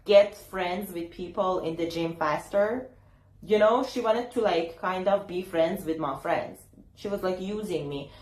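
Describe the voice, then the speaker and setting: A young woman, a YouTuber, chats casually to the camera in an advice vlog, filling her speech with fillers and acting out what people said. Her voice sits in the mid range, and the audio is poor with a roomy sound.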